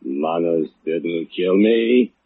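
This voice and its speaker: A gloating foundry laborer. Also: male voice, sits low, very slow, creaky, breathy edge, no echo, heavily acted. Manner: broken English, gloating, chuckling menace. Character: brooding immigrant foundry laborer, sly, boastful killer. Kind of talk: old-time radio drama. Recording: tinny lo-fi old radio broadcast.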